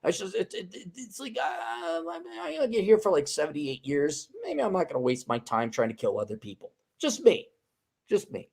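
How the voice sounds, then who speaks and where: A man's voice: high voice, sing-song, a little fast, gravelly, few pauses, a little mellow, slightly rough. A man hosting a casual podcast chat, ranting heatedly with swearing and frequent restarts. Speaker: podcast host.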